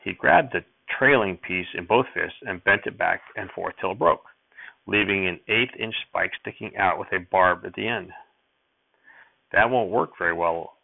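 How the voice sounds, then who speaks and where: A man narrating a first-person audiobook chapter in steady storytelling, recorded with tinny phone-like sound. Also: low-pitched, moderate pace, vocal fry, dry recording.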